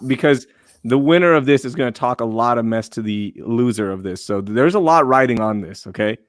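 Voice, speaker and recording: A man's voice: mid-range voice, expressive, a little fast, no room sound, studio quality. A man hosting a casual podcast chat, upbeat and playful, laughing often. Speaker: podcast host.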